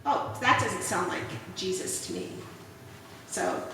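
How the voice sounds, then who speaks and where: A woman's voice: lowish voice, lively intonation, takes it slowly, bright, forceful tone. A woman who reads tarot cards, giving ranting commentary and scolding her listeners with rhetorical questions. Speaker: tarot reader. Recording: echoey room, far from mic, noisy.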